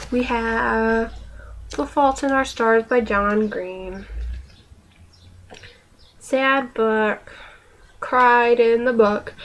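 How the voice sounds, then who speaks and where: A young woman talks through her favourite books in a playful, unhurried vlog chat. Her voice sits a little high, and she slips into a whisper now and then. A faint hiss runs under the recording. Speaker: book vlogger.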